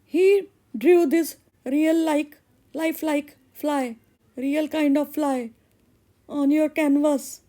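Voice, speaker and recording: A woman voicing a sweet, eager young daughter, speaking in a high pleading voice. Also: fairly even intonation, slow pace, mellow. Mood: amused.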